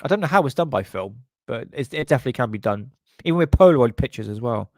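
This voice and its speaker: A man's voice: mid-range voice, expressive, fast talker, no room sound. A man talking casually at his computer, cracking crude jokes and chuckling as he goes. His voice sits in an ordinary middle register and is recorded close and dry, with no room sound around it. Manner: crude, joking, laughs often. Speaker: channel host. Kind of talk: casual commentary on paranormal photos.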